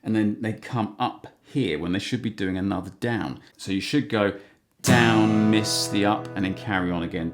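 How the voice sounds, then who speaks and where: A man teaching guitar strumming patterns, relaxed and counting beats aloud as he plays. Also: fairly low pitch, normal speed. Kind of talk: instructional guitar lesson. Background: acoustic guitar strumming.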